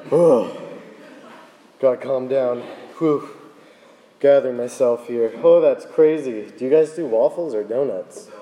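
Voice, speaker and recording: A young man as a youth pastor, preaching casually, out of breath and worn from yelling, reading scripture and praying. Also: mid-range voice, measured pace. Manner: casual, chatty and excitable. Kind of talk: casual sermon with Bible reading and prayer. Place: church meeting hall. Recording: roomy hall with long reverb, faint noise.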